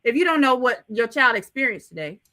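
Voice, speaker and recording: A woman on a talk-show panel argues bluntly and holds her ground with profanity. Her voice sits a little high and sounds bright and forceful. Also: very animated, a little fast. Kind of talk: heated panel discussion.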